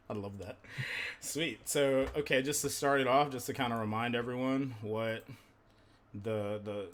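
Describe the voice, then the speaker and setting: A male streamer opens his live gaming podcast in a loose, rambling way, leaning on filler words and the odd curse. His voice sits at an ordinary middle pitch. A faint hiss sits under the home streaming mic. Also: a little slow, pauses often, fairly bright tone. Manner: loose and rambling, many "um"s, swears freely. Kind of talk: casual live podcast chat.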